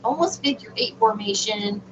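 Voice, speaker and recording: A middle-aged woman, an interview guest telling a personal story in an animated, emphatic way with frequent restarts. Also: mid-range voice, moderate pace. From Southern United States. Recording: distant, dull remote audio with faint noise.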